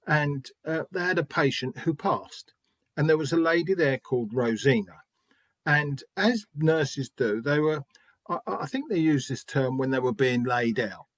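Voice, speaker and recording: A man's voice: fairly high pitch, animated, normal speed, dry recording. A middle-aged man and spiritualist medium telling stories in an interview, chatty, restarting often and acting out quoted dialogue. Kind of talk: anecdotal interview storytelling.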